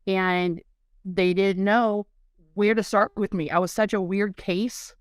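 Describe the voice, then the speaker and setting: Woman, interview guest, earnest personal storytelling, smooth voice, dry close sound. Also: medium pitch, steady tone, slow, no room sound. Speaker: dental implant patient guest.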